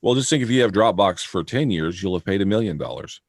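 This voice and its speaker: A man's voice: low voice, lively intonation, fast talker, no room sound, studio quality. A man co-hosting a casual live chat, teasing his friend while patiently explaining things to the audience.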